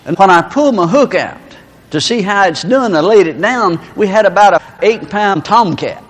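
A man's voice: high voice, lively intonation, moderate pace. A man preaching a sermon, telling folksy stories with laughter to illustrate his point. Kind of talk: storytelling sermon. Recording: reverberant hall.

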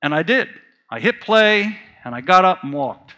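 A man's voice: high voice, expressive, moderate pace, pushed and bright. A man preaching a sermon, telling a personal story with earnest feeling and repeating phrases for emphasis. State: choked up while reading.

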